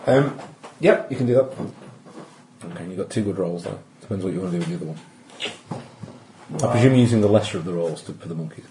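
A man running a tabletop game, relaxed and chatty as he hands out rulings. His voice sits low and mellow. The room is echoey, with faint background noise. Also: brisk, pauses often. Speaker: game master.

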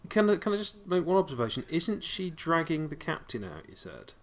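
A man's voice: on the high side, huge pitch swings, brisk. A man player in a tabletop game, wry and questioning.

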